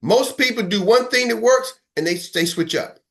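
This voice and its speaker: High-voiced emphatic man coaching. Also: animated, moderate pace, gravelly, fairly bright tone. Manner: streetwise, emphatic, repeats for rhythm; acts out phone calls. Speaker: business coach. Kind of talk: motivational talk.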